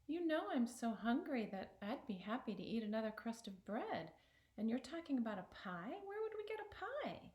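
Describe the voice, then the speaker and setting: A woman's voice: fairly high pitch, very animated, normal speed, darkish tone, echoey room. Woman storyteller plays poor old peasant wife, raised and exclaiming. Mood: indignant.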